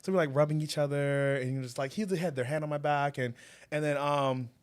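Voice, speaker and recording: A man co-hosting a podcast, telling a story in a casual, animated way and often breaking into laughter. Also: fairly quick, clean tone. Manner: animated, laughing, swings loud and high when telling the story. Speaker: podcast co-host.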